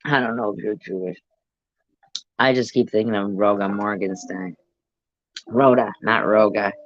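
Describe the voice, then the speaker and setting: A woman's voice: rumbling low, fairly even intonation, normal speed, no room sound. A middle-aged woman giving casual reaction commentary in a profane, joking, rambling way. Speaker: video commentator. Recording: dull lo-fi sound.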